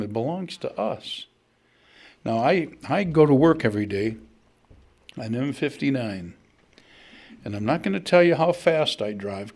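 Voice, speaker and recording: Storytelling man preaching a sermon. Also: mid-range voice. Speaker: pastor.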